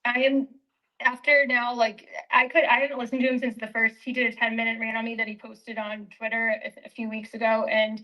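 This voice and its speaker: A woman speaking haltingly in a casual group audio chat, peppering her speech with "like". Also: fairly high pitch, level tone, pushed and bright, rough recording.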